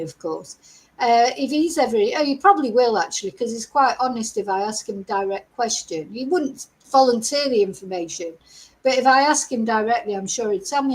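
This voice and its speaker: On poor audio, a slightly high-pitched woman runs her true crime channel's live stream. She's older, and her casual commentary comes out chatty and exasperated, wandering off into frequent asides.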